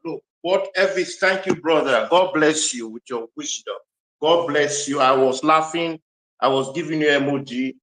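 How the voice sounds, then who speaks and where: A man's voice: a little high, normal speed, background noise. A man speaking on an online discussion panel, telling stories animatedly and laughing often. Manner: animated, excitable storyteller who laughs often.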